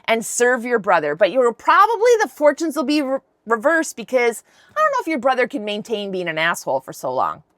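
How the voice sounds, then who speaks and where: A woman playing an old blind father in a retold Bible story, speaking in casual modern slang with a deadpan tone. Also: fairly high pitch, fairly quick, dry recording, studio quality. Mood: flustered. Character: old blind male patriarch, doubtful then resigned.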